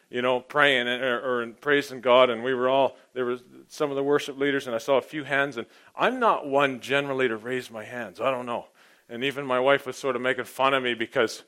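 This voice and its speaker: A man's voice: mid-range voice, fairly quick, a bit bright. A middle-aged man, a pastor, praying and then preaching a sermon in an earnest, personal storytelling way. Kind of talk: sermon with opening prayer.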